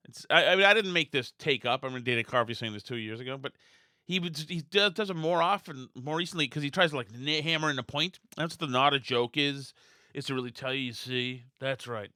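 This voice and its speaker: A man's voice: on the high side, fast talker, bright, forceful tone, clear, resonant tone, dry recording, clean studio sound. A man hosting a political commentary podcast, ranting bluntly and scornfully with frequent restarts. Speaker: podcast host.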